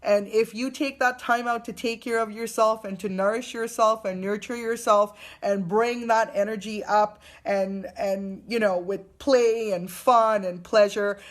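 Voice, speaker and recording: A woman, a young adult mother, gives a live spiritual card reading to viewers in a gentle, affirming way, with many fillers and restarts. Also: mid-range voice, fairly even intonation, unhurried, hardly any pauses.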